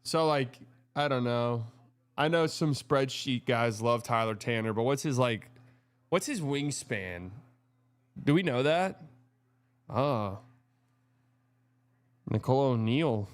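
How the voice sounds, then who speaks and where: A man hosting a live watch party, reacting excitably to plays and chatting between them. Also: mid-range voice, slow pace, pauses often. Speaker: show host.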